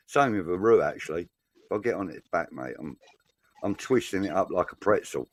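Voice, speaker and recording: A man's voice: low-pitched, fairly bright tone. A man co-hosting a casual football fan chat, reading viewer comments aloud and bantering with a bit of swearing.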